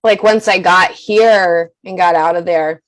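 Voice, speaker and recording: A woman guest on a podcast, talking candidly in an animated, profane, emphatic way and laughing often. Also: fairly low pitch, measured pace, rough recording.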